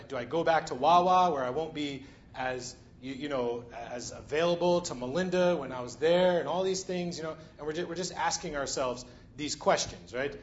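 A man's voice: on the high side, muffled recording. A man preaching a sermon in a conversational way, often checking in with the congregation. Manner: conversational, frequent "right?" and "you know".

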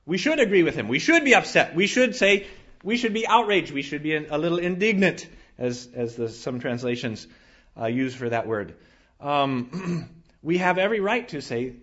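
A man preaching a sermon in an earnest manner, rising to emphatic lines and dropping to quiet, low passages, often restarting his phrases. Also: lively intonation, moderate pace. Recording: dull lo-fi sound.

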